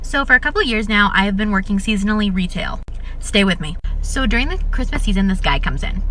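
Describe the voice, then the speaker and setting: A woman's voice: mid-range voice, a little fast, pushed and bright, slight background noise, low-quality recording. A woman telling a casual storytime about retail work, animatedly acting out the dialogue. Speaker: retail worker.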